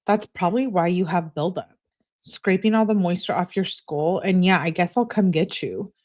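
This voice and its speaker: A bossy young girlfriend scolds and insults her boyfriend by text, read aloud by a woman. The voice sits a little low, and the texts come out as plain reading rather than acting. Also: normal speed, darkish tone, close to an everyday voice. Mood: scolding.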